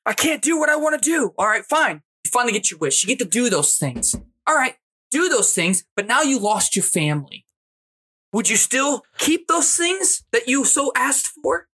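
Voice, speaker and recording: Emphatic man with a bright, forceful voice. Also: extremely high pitch, moderate pace, breathy edge. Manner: animated, preachy, emphatic with rhetorical questions. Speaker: podcast co-host. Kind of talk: casual chat.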